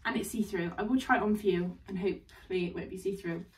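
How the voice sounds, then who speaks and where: A woman's voice: mid-range voice, fast. Young woman, casual haul chatter, bubbly, slightly distant mic. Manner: chatty, bubbly, laughs often. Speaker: fashion vlogger. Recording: distant mic, faint room noise.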